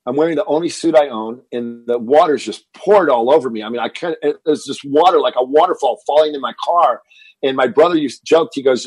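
Husky man in his fifties telling stories. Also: medium pitch, fairly quick, no room sound. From Texas. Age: 50s. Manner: animated storyteller, repeats words when excited. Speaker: guest, fitness entrepreneur. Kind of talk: interview storytelling.

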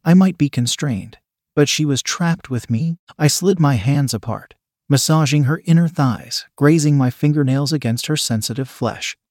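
A man narrating a first-person erotic story in a slow, measured storytelling manner. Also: a little high, a little mellow, no echo, studio quality.

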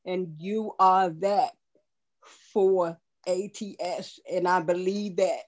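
Earnest woman, slow and tearful, thanking colleagues. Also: fairly low pitch, steady tone, dull audio. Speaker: meeting participant. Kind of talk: emotional thank-you speech.

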